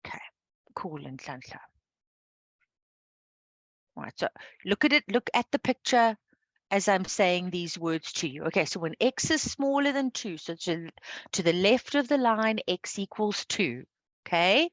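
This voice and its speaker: A woman's voice: mid-range voice, animated, a little slow, pauses often, dry recording. A woman teaching a live online maths lesson, explaining patiently and checking understanding with a frequent "okay". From South Africa.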